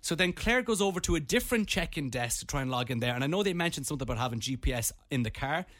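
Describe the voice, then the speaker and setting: A young Irish man, a radio host, telling a comic story in an animated way. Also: a little high, rapid-fire. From Ireland.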